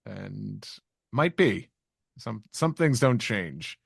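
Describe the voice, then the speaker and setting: A man co-hosting a podcast, recapping a comic chapter in halting casual chat full of fillers. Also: lowish voice, very animated, gravelly, breathy edge, no echo, studio quality. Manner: halting, with many fillers and restarts. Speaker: podcast co-host.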